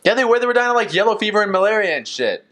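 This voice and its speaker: A man on a loose group podcast, pushing back hard on his friends. His pitch swings widely as he presses his point, and he swears to drive it home. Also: very animated, very fast, fairly bright tone. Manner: argumentative, emphatic, swears for emphasis. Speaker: podcast co-host. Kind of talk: casual group chat.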